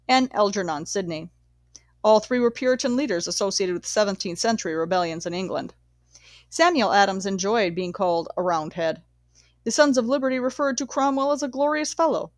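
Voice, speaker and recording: A woman reading a nonfiction history book aloud in a measured, steady way, sometimes correcting herself. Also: mid-range voice, dry recording. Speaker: audiobook reader.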